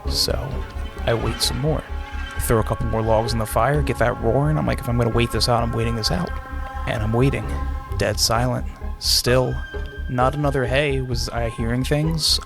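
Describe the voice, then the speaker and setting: A man in a casual podcast chat tells a scary story in a drawn-out, dramatic way, cursing freely. His pitch sits mid-range for a man. Clear music plays under his voice. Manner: dramatic storytelling, swearing, quick laughs. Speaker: podcast co-host.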